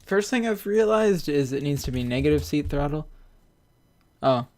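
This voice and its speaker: A man hosting a casual coding tutorial, rambling goofily and reading code out loud while slightly out of breath. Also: on the high side, lively intonation, normal speed. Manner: goofy, rambling, narrates code aloud while typing. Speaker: Roblox scripting tutorial host. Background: keyboard typing.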